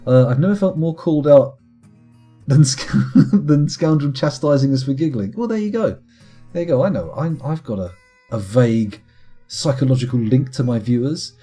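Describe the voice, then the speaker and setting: A man live-streaming a game, talking to his chat in a rambling, self-mocking way. His voice is husky and mellow, and his pitch swoops widely. Faint guitar music plays in the background.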